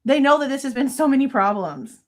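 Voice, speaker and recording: A woman's voice: sits high, little pitch movement, very fast, a little mellow. A woman in her thirties hosting a true crime livestream, venting angrily with frequent swearing in casual commentary.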